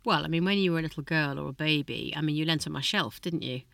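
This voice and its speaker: A woman's voice: low voice, quick pace, gravelly, fairly bright tone, no room sound. A middle-aged woman co-hosting a podcast with her daughter, chatty and teasing, laughing often. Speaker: podcast co-host, mother of the other host. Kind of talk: casual chat.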